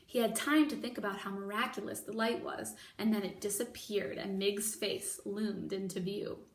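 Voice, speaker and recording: A woman's voice: mid-range voice, moderate pace. Woman reading a storybook aloud, echoey. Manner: expressive, puts on voices for the characters. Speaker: teacher. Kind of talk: reading a children's novel aloud. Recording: echoey room, mic at a distance.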